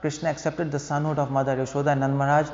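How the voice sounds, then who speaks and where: A preacher gives a devotional lecture in a temple hall, explaining points, asking the audience rhetorical questions and chuckling at his own jokes. His voice is fairly high, a little mellow and level in tone, and he races along. The recording is dull and lo-fi, with hall echo.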